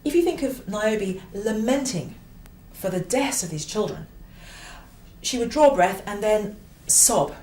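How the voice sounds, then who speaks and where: A woman teaching the oboe, explaining a piece with clear emphasis and now and then singing a phrase. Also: mid-range voice, animated, a little slow, warm tone, reverberant. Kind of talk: instructional explanation.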